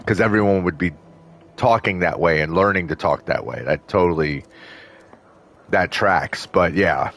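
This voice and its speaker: Brief: deep-voiced male let's-play host, loose rambling gameplay chatter. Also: measured pace, fairly bright tone. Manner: rambling, full of fillers and restarts. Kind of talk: casual gameplay commentary.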